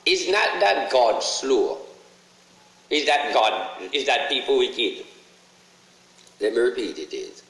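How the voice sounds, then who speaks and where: A man with a Jamaican accent delivering a casual, preachy monologue, profane and repetitive, his voice jumping high whenever he drives a point home. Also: lively intonation, slow, long pauses, a bit bright, roomy sound, low-quality recording. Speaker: online ranter.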